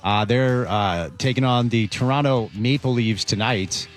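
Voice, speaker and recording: A man hosting a sports radio show in an easy, rambling way, often restarting his sentences. His voice sits at an ordinary middle pitch, and a faint music bed runs under him. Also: unhurried. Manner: loose and chatty, with restarts. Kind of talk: casual sports radio chat.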